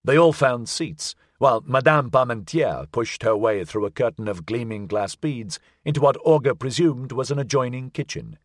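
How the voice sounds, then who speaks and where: A man reading a novel aloud as narrator, measured and expressive. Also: medium pitch, dry recording, studio quality. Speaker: audiobook narrator. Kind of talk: scripted narration.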